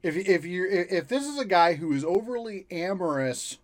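A man in casual movie talk, measured and analytical, with frequent halting restarts. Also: high voice, lively intonation.

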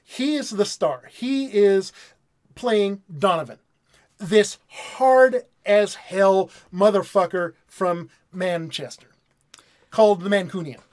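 A man in a casual movie review chat, walking through the plot with heavy swearing and quick acted-out quotes. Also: high-pitched, darkish tone. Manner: profane storyteller who acts out characters' lines.

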